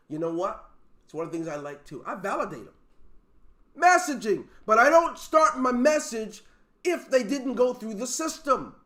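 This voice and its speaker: Brief: high-pitched male team leader, emphatic motivational speaker on a video call, fires off rhetorical questions. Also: very animated, normal speed, pushed and bright. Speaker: network marketing team leader.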